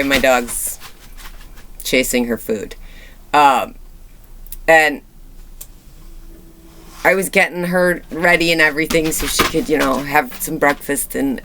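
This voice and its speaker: Woman in her thirties, vlogger, rambling, halting, candid, many restarts. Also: deep voice, fairly bright tone, slight background noise. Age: 30s. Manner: candid and reflective. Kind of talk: rambling personal vlog.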